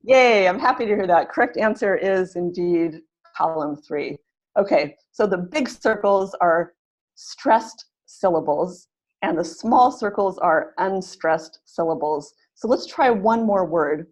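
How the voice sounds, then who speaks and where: An encouraging pronunciation teacher guides an online webinar, repeating her phrases as she runs drills and clapping exercises. Her lowish voice is expressive and unhurried, at a measured pace.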